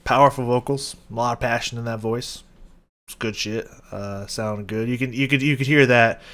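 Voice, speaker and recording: A man's voice: mid-range voice, fairly even intonation, moderate pace, fairly bright tone. A man hosting a music reaction video, talking loosely with lots of fillers, laughs and casual swearing. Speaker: music reaction channel host.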